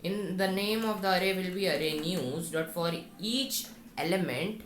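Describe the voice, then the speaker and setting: A man teaching a coding tutorial, talking slowly and step by step through what he types. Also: high voice, a bit bright, echoey room, slight background noise. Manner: slow and instructive, talks through each step. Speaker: programming tutor. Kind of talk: screen-recorded coding tutorial.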